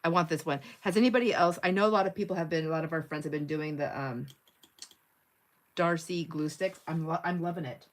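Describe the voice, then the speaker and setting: A middle-aged woman with a slightly low voice hosts a casual craft livestream. She chats freely, laughs often and reads viewer comments aloud as she works at her table. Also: fairly quick, a little hiss or hum. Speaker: livestream host.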